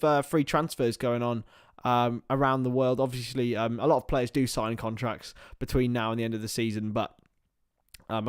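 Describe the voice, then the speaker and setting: In a dry, clean studio recording, a young watchalong host with a mid-range voice gives live match commentary and chats with his viewers. His play-by-play is excitable, though he slips into mumbled asides full of fillers.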